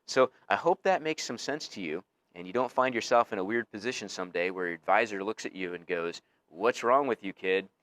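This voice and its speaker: A man's voice: fairly low pitch, a little fast, hardly any pauses, a bit bright, no room sound. A male teacher giving a casual recorded lecture, explaining things conversationally with frequent fillers.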